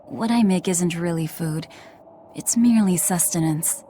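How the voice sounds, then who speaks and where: A woman's voice: lowish voice, a little slow, dark tone, a little hiss or hum, natural voice. An actress voicing a blunt, guarded young woman in a video game, speaking in a terse, subdued way. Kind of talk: game voice acting.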